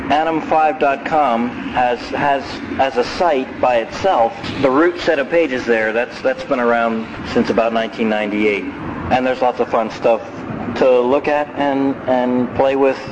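A man's voice: medium pitch, unhurried. A man hosting a podcast in a chatty, self-deprecating, rambling way, recorded outdoors. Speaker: podcast host. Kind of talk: casual rambling monologue. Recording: dull lo-fi sound with street noise.

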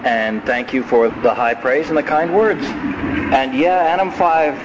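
A man's voice: medium pitch, a little slow. Rambling man podcasting outdoors, street noise. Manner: chatty, self-deprecating, rambling with restarts. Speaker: podcast host. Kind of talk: casual rambling monologue. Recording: dull lo-fi sound with street noise.

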